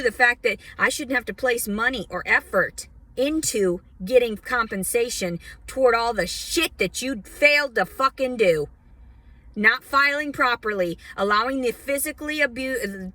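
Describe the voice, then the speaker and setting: A woman from Arkansas, USA, rants angrily into her phone outdoors outside a department store, heated, profane and rambling. Her voice is fairly high, pushed and bright, with no room sound, in this angry rant vlog.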